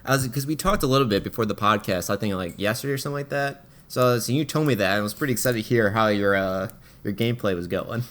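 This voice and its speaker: A man's voice: lowish voice, fast talker, a bit bright. A man co-hosting a podcast in casual chat, giving wry, amused reactions. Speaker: podcast co-host.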